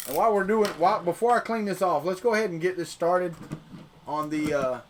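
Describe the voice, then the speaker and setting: A man's voice: high-pitched, brisk, a little hiss or hum. A man from Florida with a Southern accent, chatting casually on a 3D printing livestream and repeating himself as he works. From Florida, United States. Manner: rambling, repeats words while working. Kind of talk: casual live-stream chat.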